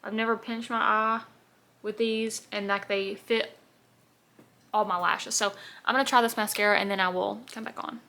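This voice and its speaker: A woman's voice: mid-range voice, little pitch movement, moderate pace, sharp tone. A young woman, chatting in a bubbly, rambling way while doing her makeup on camera. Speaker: beauty vlogger. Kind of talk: casual get-ready-with-me chat.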